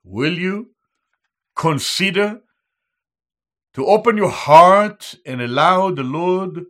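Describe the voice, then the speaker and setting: A man preaching a sermon as a Bible teacher, slow and emphatic, repeating each key term in Hebrew and English. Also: high voice, lively intonation, bright, forceful tone.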